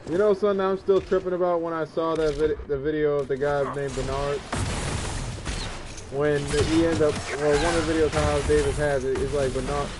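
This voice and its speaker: A man's voice: fairly high pitch, steady tone, brisk, background noise. A man giving loose, laughing commentary over a game, repeating himself and talking to a friend. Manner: laughing, repetitive, addresses a friend. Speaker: gaming video host. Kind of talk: casual commentary over gameplay.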